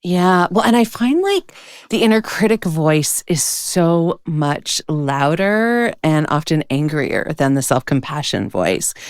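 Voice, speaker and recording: A woman's voice: lowish voice, clean tone, dry recording, studio quality. A woman hosting a podcast who thoughtfully asks her guest follow-up questions. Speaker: podcast host. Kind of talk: conversational interview.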